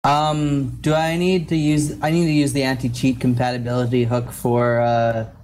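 A man with short, relaxed replies, chatting with a friend while they play a game together. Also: mid-range voice, normal speed, a little hiss or hum. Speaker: fellow player. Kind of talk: casual gaming chat.

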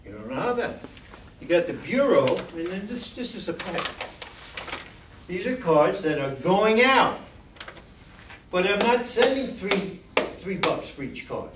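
High-voiced man talking in an echoey room. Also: sing-song, unhurried, pauses often. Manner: chatty, asks the audience questions. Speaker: guest speaker at a radio club. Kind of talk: informal talk to a club meeting. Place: club meeting room. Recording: echoey room, distant mic, faint noise.

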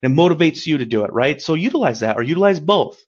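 A man's voice: fairly high pitch, lively intonation, fast, slightly rough, dull audio. A man giving a webinar as a coach, talking in an upbeat, encouraging, conversational way, often checking in with "right?". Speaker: credit repair coach. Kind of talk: webinar presentation.

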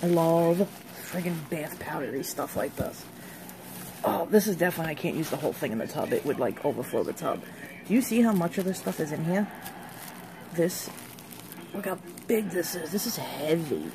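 A woman vlogger chatting casually through an unboxing, excitable and gushing over each product. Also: sits low, normal speed, background noise.

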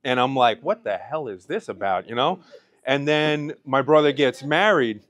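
A man's voice: mid-range voice, normal speed, fairly bright tone, no echo. A man in his thirties tells his personal story to an audience at a business event. His voice sits in a middle register and is caught close and dry. He is emotional and holds back tears between his phrases. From Pennsylvania. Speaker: speaker. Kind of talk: personal testimony speech. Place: event hall.

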